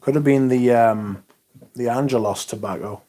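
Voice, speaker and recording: A man's voice: mid-range voice, moderate pace, dark tone. A man hosting a livestream, chatting casually, swearing now and then, and reading out viewer comments. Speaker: livestream host.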